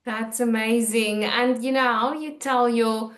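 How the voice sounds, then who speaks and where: A woman's voice: fairly high pitch, steady tone, unhurried, echoey room. A woman hosting an interview, encouraging her guest and laughing often. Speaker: interview host. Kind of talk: casual interview talk.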